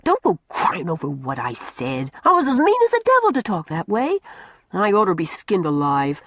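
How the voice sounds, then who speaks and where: A woman reading an audiobook voices a blunt, quick-tempered orphan girl who talks in folksy rural slang. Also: fairly low pitch, huge pitch swings, a bit bright, dry recording, studio quality, heavily acted.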